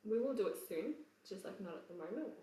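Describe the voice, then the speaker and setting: A woman with an English accent teaching choir vowel sounds in a relaxed, chatty way, breaking into sung examples. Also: medium pitch, a little fast, far from the mic. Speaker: choir vocal coach. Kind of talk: casual singing lesson with sung examples. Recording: roomy echo, voice away from the mic.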